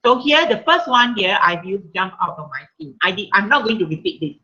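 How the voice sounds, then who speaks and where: A woman's voice: medium pitch, very animated, a little fast, sharp tone, slightly rough, muffled recording. A woman with a Malaysian English accent teaching an online writing workshop, checking in with "okay" as she reads example sentences aloud.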